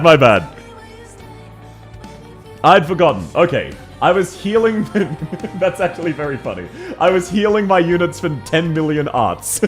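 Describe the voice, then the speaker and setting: Lively man streaming a game. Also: on the high side. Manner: laughs often, swears, lively up and down. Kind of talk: casual game commentary reading chat.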